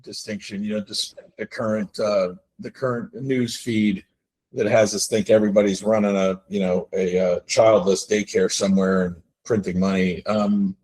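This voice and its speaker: A man hosting a podcast interview, chatting in a relaxed way and framing the discussion. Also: lowish voice, normal speed, poor audio. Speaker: podcast host.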